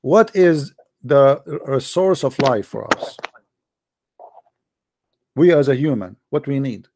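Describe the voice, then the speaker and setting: A man hosting a live debate, explaining his points patiently in casual, animated talk and checking often that the listener follows; English is not his first language. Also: mid-range voice, slow, no echo. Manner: animated, lively storyteller. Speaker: debate host.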